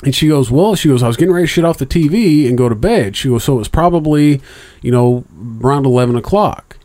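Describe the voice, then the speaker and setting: A man's voice: medium pitch, quick pace, mellow. A middle-aged man telling a long story in casual, profane chat, rambling, with lots of fillers and restarts, raising his voice when he quotes others.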